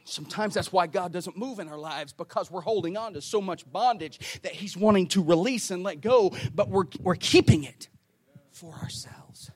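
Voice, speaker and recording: A man with a high-pitched voice delivers a sermon, swinging from shouted emphasis down to hushed, near-whispered lines. He talks in a loose, conversational way, throwing in asides and repeating words as he goes. The sound is dry and close, with no room echo. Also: moderate pace, few pauses. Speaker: preacher.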